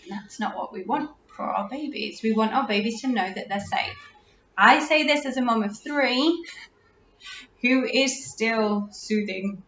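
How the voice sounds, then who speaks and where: Une femme britannique d'âge moyen qui parle de façon décontractée, avec une voix assez aiguë. Elle se reprend souvent en milieu de phrase. L'enregistrement est lointain, réverbéré et un peu étouffé. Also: female voice, fairly high pitch, a little slow, a little hiss or hum. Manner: chatty, restarts, warm laughs. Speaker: parenting podcast host. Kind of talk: casual advice talk. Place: room at home. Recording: roomy, distant, dull lo-fi audio.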